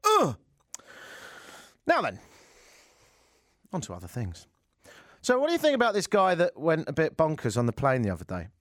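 A man's voice: a little high, wildly swooping pitch, normal speed, long pauses, fairly bright tone, no echo, studio quality. A man hosting a radio talk show, delivering a sarcastic, rambling monologue full of mocking asides. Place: radio studio. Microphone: studio microphone.

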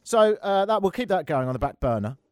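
A man's voice: high voice, very animated, brisk, clear, resonant tone, dry recording, studio quality. A man with an English accent hosting a call-in radio show, talking in a sarcastic, wry and rambling way. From England. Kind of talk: talk radio monologue.

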